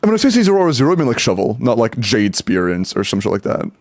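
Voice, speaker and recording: A man's voice: mid-range voice, very animated, fast, darkish tone, dry recording. A man streaming live, casually talking through game account advice and answering chat, loose and rambling with some swearing.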